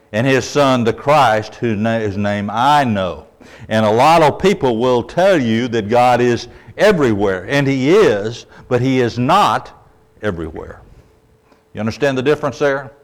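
This is an emphatic sermon from a man whose voice is mid-range. He keeps checking in with the congregation, and his phrase endings drop to a soft tone.

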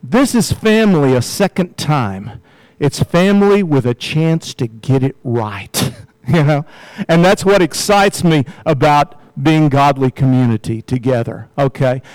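A man's voice: a little high, animated, a little slow, darkish tone, no room sound, low-quality recording. An older man preaching a casual, conversational sermon to his church, peppering his points with "you know" and "right?" and light chuckles. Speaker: pastor.

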